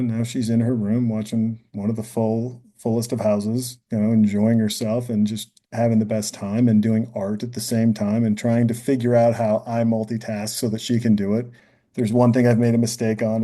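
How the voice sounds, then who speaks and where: Male podcast guest, low and very dark in tone, earnest and searching, thinks out loud in a conversational way. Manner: earnest, thinks aloud, often adds "you know" and "right?".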